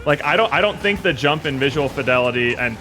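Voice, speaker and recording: A man's voice: on the high side, expressive, fast, sharp tone, soft background music. A man streaming a game and chatting casually, opinionated and rambling with lots of fillers. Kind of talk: casual gaming chat.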